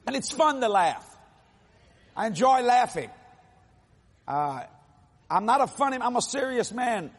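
A husky-voiced preacher in his sixties gives a testimony sermon. His voice sits high for a man, and he tells the story in an animated way, acting out the people in it. His grammar is folksy and casual. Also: unhurried, pauses often, big-room sound. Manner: animated storytelling, acts out quotes.

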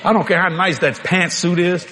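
A man's voice: sits high, moderate pace, a little hiss or hum. An older man, telling a folksy, joking story in a sermon. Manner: folksy, animated, joking with the crowd. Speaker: preacher.

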